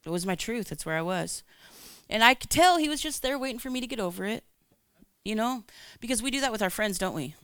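Woman, candid faith testimony, gravelly edge, crisp dry close sound. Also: on the high side, brisk, dry recording. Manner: candid, animated storytelling with acted-out dialogue. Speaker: Christian speaker. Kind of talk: personal testimony talk.

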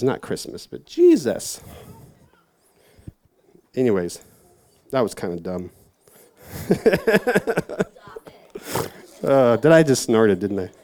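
A man's voice: medium pitch, darkish tone. Man in a mid register, preaching loosely to young people, meandering and self-deprecating. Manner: rambling and self-mocking, lots of fillers. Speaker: youth church speaker. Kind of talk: casual sermon talk.

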